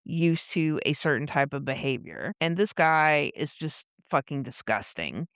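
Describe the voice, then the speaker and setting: A woman co-host talks unhurriedly through a comic recap in relaxed, casual chat, laughing and swearing freely. Her voice is smooth and clear with a close, dry sound. She keeps an animated storytelling manner. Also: low-pitched, measured pace, dry recording. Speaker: podcast co-host.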